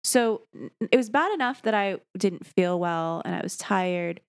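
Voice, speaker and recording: Young female co-host, creaky tone, dry close sound, chatty and self-mocking. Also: lowish voice, expressive, unhurried, dry recording. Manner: chatty storyteller, self-deprecating. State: sleep-deprived. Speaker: podcast co-host. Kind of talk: casual chat.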